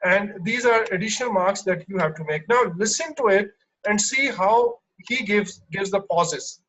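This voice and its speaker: A man teaching an online exam-prep lesson, explaining slowly with lots of fillers and restarts. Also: high voice, fairly bright tone, low-quality recording. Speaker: English teacher.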